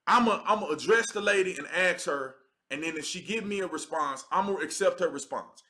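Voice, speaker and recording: Thirties man, livestream host. High, bright voice, emphatic and conversational. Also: fairly quick. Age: 30s. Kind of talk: casual livestream commentary.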